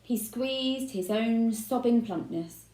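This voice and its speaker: A woman reading a children's book aloud with expressive storytelling. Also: fairly high pitch, slow pace. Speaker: reader. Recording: roomy echo.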